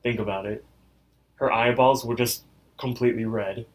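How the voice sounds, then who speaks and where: Young man, podcast co-host, casual chat, rambling storyteller, mid-pitched voice. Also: steady tone, moderate pace, poor audio. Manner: rambling with many "like" fillers.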